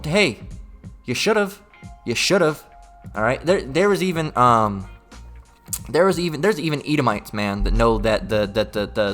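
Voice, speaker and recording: Blunt, profane male preacher, mid-pitched voice, faint music under him. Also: fairly bright tone. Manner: blunt and profane, repeating "all right?" after each point. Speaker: street preacher. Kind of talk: informal preaching with scripture reading.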